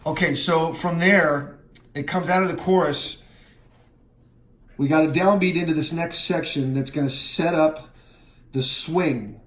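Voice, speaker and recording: A man explaining how to chart a drum part, counting beats out loud and scatting the fills. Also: fairly high pitch, a little slow, long pauses, a little hiss or hum. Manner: counts beats aloud and scats drum parts. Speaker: drum teacher. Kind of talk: instructional walkthrough. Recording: roomy, with music playing.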